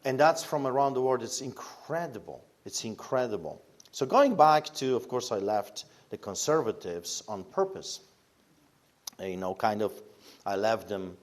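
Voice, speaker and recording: A man with a Polish accent, a pastor, telling his story in an interview with emphatic, fiery delivery and pointed rhetorical questions. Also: lowish voice. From Poland.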